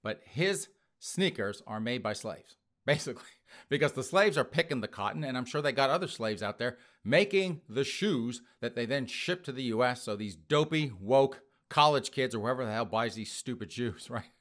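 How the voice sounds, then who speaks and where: A man's voice: medium pitch, expressive, moderate pace, fairly bright tone. A man hosting an opinionated news commentary show, talking in a sarcastic, mocking way and laughing scornfully.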